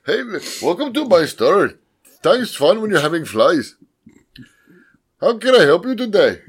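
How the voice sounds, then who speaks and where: A man's voice: sits high, very animated, measured pace, husky, pitched above the performer's own voice, heavily acted. A man putting on a wobbly accent to play an overeager male sandwich-shop clerk. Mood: overly polite. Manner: exaggerated put-on accent that keeps slipping.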